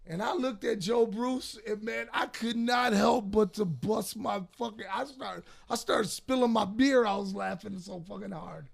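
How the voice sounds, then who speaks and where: A man with a Detroit accent tells stories on a podcast, profane and animated. His voice sits high, with a deep gravelly fry running through it. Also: a little slow, few pauses. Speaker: podcast host. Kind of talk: casual storytelling.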